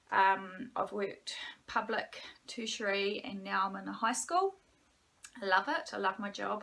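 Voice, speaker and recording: A woman in her forties with a New Zealand accent, hosting a casual solo podcast from home, rambling along with many ums and now and then dropping to a hushed near-whisper. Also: mid-range voice, creaky. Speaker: podcast host.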